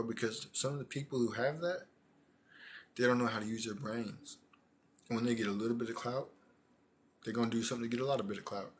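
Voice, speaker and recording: A man giving casual, animated commentary, talking in slang and repeating phrases for emphasis. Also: mid-range voice, slight background noise. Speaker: commentary streamer.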